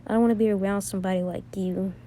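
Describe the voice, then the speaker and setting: Brash young boy ninja, a woman reading him in her own dark, mellow voice; faint hiss behind. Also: medium pitch, fairly even intonation, very fast, natural voice. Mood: annoyed.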